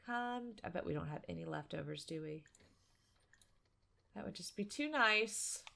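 A woman commentating a life-simulation game, chatty and excitable, talking to her viewers and to the characters on screen. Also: on the low side, measured pace, vocal fry. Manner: excitable, squeals and laughs at surprises. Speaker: gaming YouTuber. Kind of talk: let's play commentary.

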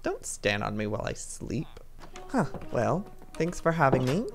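A man's voice: mid-range voice, wildly swooping pitch, measured pace, over music. A man hosting a playful let's-play video, talking theatrically with frequent gasps and sneaky stage whispers. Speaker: gaming video host.

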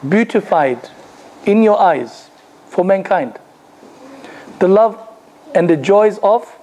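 Imam giving a storytelling religious lecture. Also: male voice, sits high, expressive, takes it slowly, warm tone, rough recording. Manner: storytelling, rhetorical questions, light humor.

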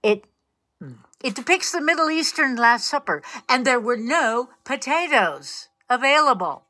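Bright-voiced playful woman co-host. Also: sits high, expressive, a little slow. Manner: playful, teasing, jumps in to finish points. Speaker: co-host of a museum video. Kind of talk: casual chat and reading a poem aloud.

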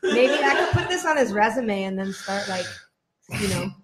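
A woman joining a casual comedy chat as a guest, trading quick playful jokes. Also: mid-range voice, expressive, crowd noise. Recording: echoey room with background noise.

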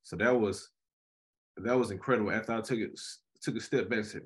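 A young graduate student co-hosts a casual podcast chat, speaking fast in a fairly low-pitched male voice. He tells stories animatedly and keeps dropping "you know what I'm saying."

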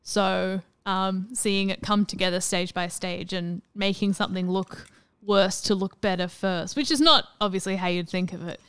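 A woman's voice: mid-range voice, steady tone, moderate pace, few pauses, a bit bright, clear, resonant tone, no room sound. A woman co-hosting a game stream, chatting casually, laughing often and swearing freely. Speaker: streamer co-host. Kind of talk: casual chat over gameplay.

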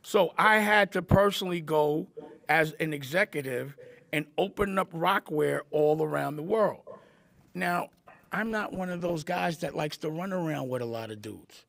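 A man with a high, gravelly voice talks bluntly and insistently, hammering his points home with repetition and profanity. The sound is close and dry. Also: normal speed, a bit bright, no echo. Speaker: interview guest. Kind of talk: candid interview storytelling.

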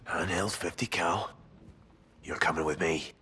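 A man's voice: deep voice, fairly even intonation, unhurried, bright, forceful tone, slight background noise. A man voicing a terse male special-forces soldier in a video game.

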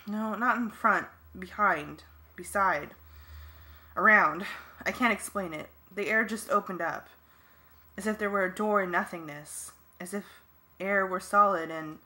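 A woman's voice: mid-range voice, bright, forceful tone. A woman giving earnest first-person narration for a fan audiobook.

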